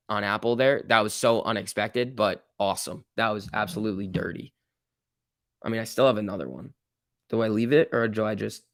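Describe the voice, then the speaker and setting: Excitable low gravelly man. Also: no room sound, studio quality. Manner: excitable, exclaiming at price moves, reading chat aloud. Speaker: stock trading livestream host. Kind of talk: casual live trading commentary.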